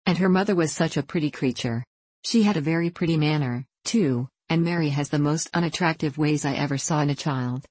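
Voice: mid-range voice, a little fast, a little mellow, husky, lightly acted. A reader voicing a pitying genteel lady. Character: kindly pitying English lady.

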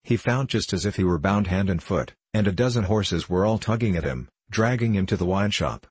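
A man narrating a storybook audiobook in a steady, measured reading. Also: deep voice, slightly rough, no echo.

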